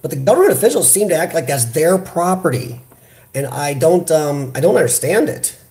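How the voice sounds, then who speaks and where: An American man hosts a casual live chat, animated and talkative as he answers his viewers. He talks straight into a computer webcam. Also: a little high, fairly quick. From United States. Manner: animated, chatty, reads viewer comments aloud. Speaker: livestream host. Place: hospital room.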